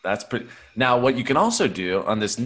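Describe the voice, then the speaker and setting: A man's voice: medium pitch, big pitch swings, brisk, fairly bright tone. A man improvising comedy as a salesman, explaining things in a salesy way.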